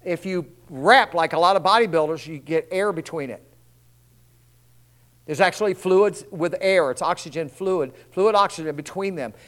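High-voiced man preaching a folksy sermon. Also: normal speed, fairly bright tone. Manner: rambling, folksy, call-and-response asides. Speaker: pastor.

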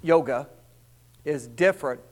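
A man's voice: on the high side, a little slow, darkish tone. A male pastor preaching a rambling, folksy sermon with call-and-response asides to his congregation.

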